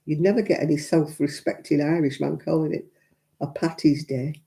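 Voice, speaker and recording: This crafting livestream host from England answers her viewers' comments in a frank, chatty way, laughing often. She speaks at a normal speed with a low, steady, dark voice touched by vocal fry.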